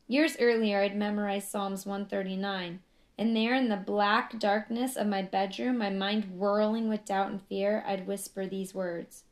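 A woman's voice: mid-range voice, fairly even intonation, unhurried. A woman reading her own memoir aloud in an earnest, emotional manner. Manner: earnest, emotional, building to intensity.

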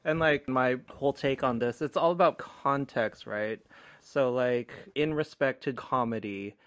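Podcast co-host, man, mid-pitch, relaxed and thoughtful, quick to laugh, dry close recording. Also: no room sound. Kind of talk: casual chat.

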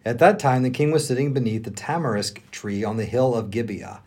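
Mid-pitched guy reading bible passages, some punch in his reading. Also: a little fast, darkish tone. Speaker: co-host reading scripture. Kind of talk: Bible reading with light banter.

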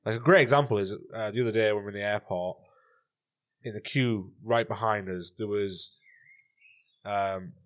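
A man co-hosting a podcast, chatting casually and telling animated stories with lots of swearing. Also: fairly low pitch, moderate pace, long pauses. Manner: swears a lot, animated storytelling. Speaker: podcast co-host. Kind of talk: casual chat.

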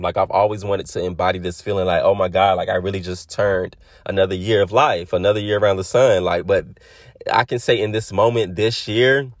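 A man's voice: fairly low pitch, dry recording, studio quality. A man in his twenties hosting his own podcast, talking to his listeners in a heartfelt, reflective monologue. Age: 20s. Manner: heartfelt, addresses listeners as y'all. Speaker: podcast host.

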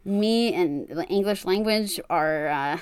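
A woman in her twenties with a New Jersey accent speaks slowly in a lowish voice. Co-hosting a podcast, she reads astrology charts aloud, laughing a lot and tripping over her words.

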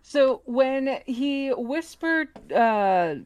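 A woman co-hosting a book club podcast, reading a novel aloud with steady narration and chatting with curious questions. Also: high-pitched, extremely slow, clean tone, no echo. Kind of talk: reading a novel aloud, then casual chat.

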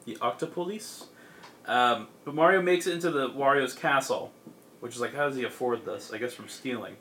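A man's voice: mid-range voice, brisk, pushed and bright. A young man in a casual chat, rambling through a comic's plot with lots of fillers and laughs. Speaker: podcast co-host.

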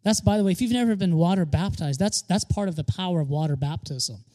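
A high-pitched man preaches a sermon with an emphatic, lively delivery. He drives points home by repeating key phrases and lightens things with quick joking asides. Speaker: pastor.

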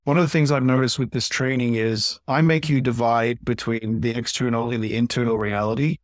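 A man's voice: mid-range voice, fairly even intonation, fairly quick, dry recording. Man explaining earnestly in a dry recording. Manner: earnest, explanatory, lots of "right?" asides. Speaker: guest, communication trainer. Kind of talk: podcast interview.

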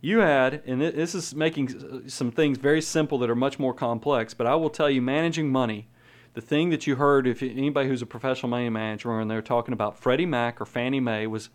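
A man's voice: medium pitch, steady tone, quick pace. A man from the United States hosting a money show, giving an emphatic, rambling opinion talk full of restarts. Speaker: podcast host, money manager. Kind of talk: casual opinionated monologue.

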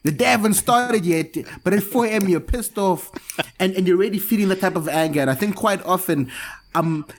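Host guy, pretty high voice, laid back chat. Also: brisk. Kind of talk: casual chat.

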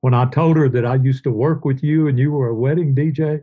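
A man's voice: mid-range voice, fairly even intonation, a little fast, husky, narrow, tinny audio. An older man, a guest telling long, rambling stories in a casual interview. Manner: rambling, warm anecdotes, sings made-up tunes.

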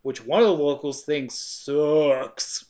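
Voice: medium pitch, steady tone, slow, a little mellow. Wry podcast co-host recapping a film. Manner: wry, recapping plot with frequent laughs. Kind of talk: casual movie recap chat.

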